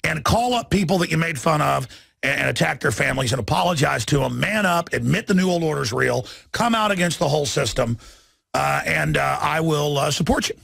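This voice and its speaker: A man hosting a talk radio show, ranting combatively and mockingly, his voice climbing into shouts. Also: fairly high pitch, expressive, a little fast, no room sound. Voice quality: gravelly, husky. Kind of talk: ranting monologue.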